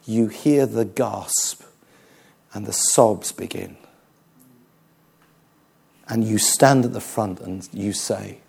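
A man preaching a sermon, moving between humour and hushed, serious storytelling. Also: mid-range voice, gravelly. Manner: animated, humorous preaching with dramatic quiet passages.

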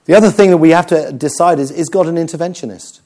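A man preaching a sermon, telling stories with jokes and an animated delivery. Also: on the high side, fast. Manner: animated, joking storyteller.

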